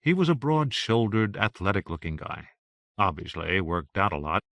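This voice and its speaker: A man narrating an audiobook in a steady, even reading. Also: low-pitched, normal speed, gravelly, dry recording.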